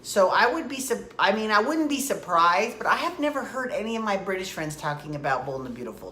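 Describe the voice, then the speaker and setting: A woman's voice: lowish voice, expressive, fairly quick, a bit bright, roomy sound, a little hiss or hum. A woman recapping a soap opera in a chatty, rambling way, tossing out rhetorical questions and side comments. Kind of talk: casual rambling recap monologue.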